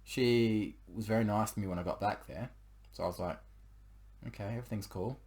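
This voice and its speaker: A man's voice: lowish voice, fairly quick, a little mellow. A young man tells a personal relationship story in a casual, rambling way, with many fillers and restarts.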